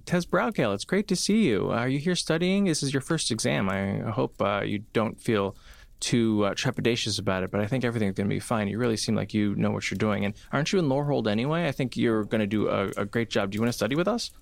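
A man voicing a cheerful, chatty young female student who talks eagerly and rushes her words. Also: on the low side, animated, vocal fry, dry recording. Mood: bubbly.

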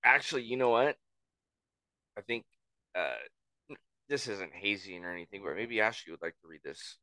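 A man co-hosts a casual podcast, bantering with quick comebacks. His voice is smooth and resonant, at a middling pitch. It is recorded dry and close to the mic. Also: sharp tone, no room sound. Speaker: podcast co-host.

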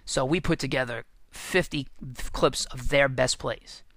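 A man who coaches football, giving an energetic, animated motivational talk full of stories and restarts. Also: mid-range voice, a little slow, dry recording.

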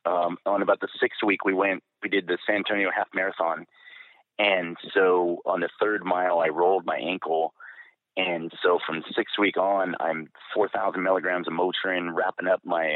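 Low-voiced middle-aged man, phone-thin sound. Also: no room sound. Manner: candid, rambling with fillers and restarts. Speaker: pararescue veteran guest. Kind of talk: storytelling in an interview. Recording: dry, phone-like narrow sound.

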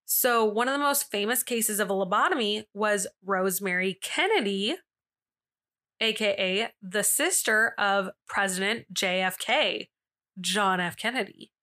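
Speaking a little slowly, this podcast host has a medium-pitched voice with a bright, forceful tone. She's a young woman telling stories casually, full of filler words, side comments, and laughter.

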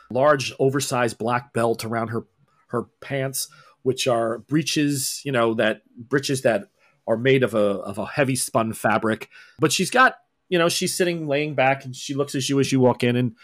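A man's voice: mid-range voice, a bit bright. Rambling man running a tabletop game. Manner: rambling, descriptive, many fillers. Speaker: game master.

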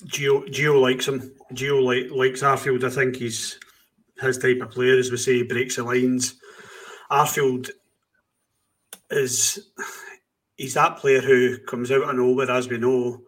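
A man co-hosts a casual podcast in a flat, even voice. He gives blunt opinions and answers his own rhetorical questions. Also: medium pitch, slow, long pauses. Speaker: podcast co-host.

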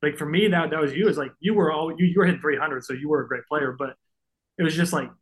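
A man's voice: fairly high pitch, fast talker, low-quality recording. A man in his thirties speaks in a slightly raised voice as a podcast guest. He sounds earnest and openly moved, with plenty of "like" and restarts. The tone is loose and conversational. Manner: earnest, openly emotional, many fillers. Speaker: guest, pro baseball pitcher. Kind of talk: casual podcast interview.

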